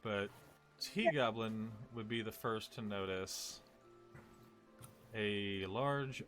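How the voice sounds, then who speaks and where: A man with a lowish voice runs a tabletop game as game master. He rambles, corrects himself and laughs through slip-ups. Quiet music plays in the background. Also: very slow.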